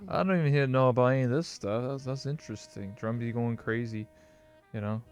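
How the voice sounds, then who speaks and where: Male interview host, casual and jokey, middle pitch; faint background music. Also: a little fast, smooth. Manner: laid-back, slangy, joking. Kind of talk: casual chat.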